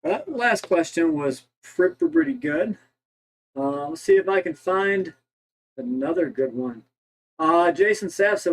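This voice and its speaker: A man from Ohio co-hosting a casual livestream chat, rambling and halting with many restarts. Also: sits high, big pitch swings, rough recording. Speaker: co-host.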